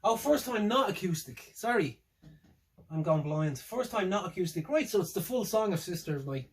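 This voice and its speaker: Male solo vlogger, slightly high voice, casual, halting and filler-heavy delivery, dry humor. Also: lively intonation, rough recording. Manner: rambling and hesitant, with many fillers and restarts; wry, laughs to himself. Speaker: music fan reviewing a tour setlist. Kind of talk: casual solo reaction vlog.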